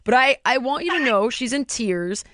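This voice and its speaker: A woman's voice: a little high, expressive, normal speed, fairly bright tone, no room sound, studio quality. Blunt, swearing woman podcast host. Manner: candid, blunt, swears freely. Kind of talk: casual chat.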